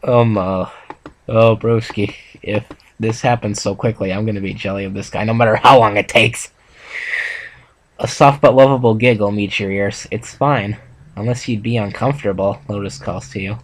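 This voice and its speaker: A man's voice: on the low side, fairly even intonation, normal speed, rough recording. A young man reading a fan story aloud with stumbles and joking asides between friends. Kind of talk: casual reading and reaction chat.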